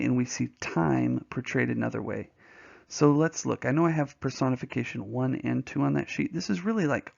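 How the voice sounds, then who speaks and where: A man teaching a poetry lesson, telling a story in an animated way and acting out voices and sounds along the way. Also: mid-range voice, gravelly, muffled recording.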